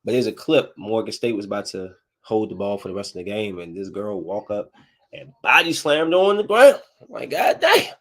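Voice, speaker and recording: A man hosting a casual solo podcast, telling stories in a slangy, joking way, swinging from loud outbursts to low muttering and laughing often. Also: expressive, a little fast. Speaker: podcast host.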